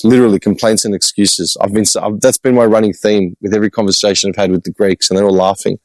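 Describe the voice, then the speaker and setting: An Australian man, a podcast host, telling stories in an animated, exasperated way with blunt swearing, in a casual walk-and-talk vlog. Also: fairly low pitch, fast, no room sound, low-quality recording. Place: outdoor hillside cemetery with birds.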